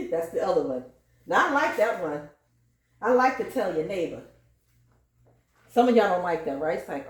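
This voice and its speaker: A woman's voice: lowish voice, very animated, fairly quick, long pauses, recorded from a distance. A woman hosting her cooking channel, chatting casually as she cleans her home kitchen, laughing often and slipping into preaching cadences. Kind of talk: casual chat while cleaning. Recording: roomy kitchen echo.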